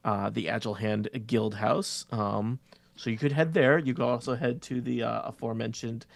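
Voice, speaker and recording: A man's voice: mid-range voice, fairly even intonation, normal speed, gravelly, no room sound. A man narrating as dungeon master of a tabletop game, rambling with many filler words.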